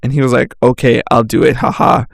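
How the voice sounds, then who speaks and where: A man's voice: mid-range voice, fairly even intonation, a little fast, vocal fry, no room sound, clean studio sound. A young man hosting a casual monologue, animatedly retelling a chat conversation, reading the messages aloud and swearing freely. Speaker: podcast host.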